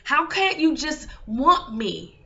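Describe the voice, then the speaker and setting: A woman delivers a motivational monologue as an intimacy coach, her voice higher than most and bright and forceful. She builds her points with repetition and a preacher-like cadence. The recording sounds dull and lo-fi. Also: very animated, slow, creaky.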